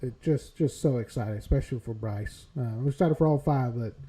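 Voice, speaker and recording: A man hosting a casual sports podcast with a very dark, mellow voice. He keeps it upbeat and loose, laughing often between thoughts. His tone is relaxed and friendly banter. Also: medium pitch, fairly quick, low-quality recording. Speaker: podcast host.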